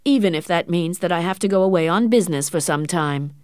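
A woman's voice: lowish voice, fairly quick, darkish tone, smooth, no echo, clean studio sound, natural voice. A woman voicing a cold, calculating young man who speaks curtly. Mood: matter-of-fact. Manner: cold and curt.

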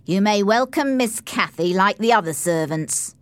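A woman's voice: medium pitch, animated, moderate pace, dry recording, natural voice. A woman voicing a stern, curt young master of the house in a storybook reading. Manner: curt and commanding.

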